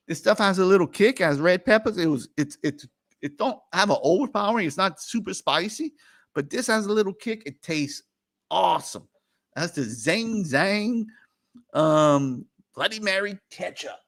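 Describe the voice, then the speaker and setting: A man's voice: fairly high pitch, a bit bright, no echo. A middle-aged man, hosting a casual, rambling food chat stream and laughing often. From New Orleans area. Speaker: host.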